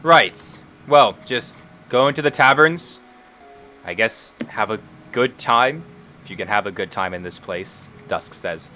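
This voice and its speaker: Guy running a tabletop game, bright voice, swears a lot, faint music behind. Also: on the low side, measured pace. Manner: casual, laughing, swears freely. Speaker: game master.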